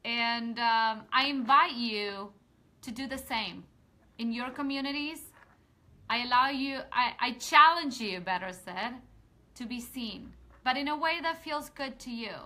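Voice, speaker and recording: A woman's voice: on the high side, a little slow, bright, forceful tone. A woman hosting a casual live video, speaking earnestly and heartfelt to her viewers, often restarting her sentences and building to rousing motivational appeals. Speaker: women's empowerment coach hosting a live video.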